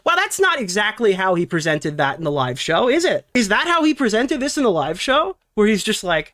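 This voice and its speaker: A man's voice: sits high, sing-song, brisk, hardly any pauses, pushed and bright. A man talking in a played stream clip, sarcastic while recounting a thread. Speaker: online commentator. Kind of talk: clip of casual stream talk.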